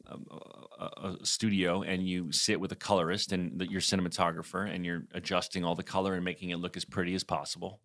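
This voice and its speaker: A man co-hosting a podcast, telling a story in casual chat, animated and swearing freely with lots of fillers. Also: deep voice. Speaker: podcast co-host.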